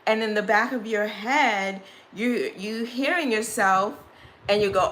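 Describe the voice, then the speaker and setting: A woman's voice: on the high side, a little slow, a bit bright. A woman with a Brooklyn accent, chatting casually on a beauty livestream, rambling and restarting her phrases. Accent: Brooklyn, New York. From Brooklyn, New York.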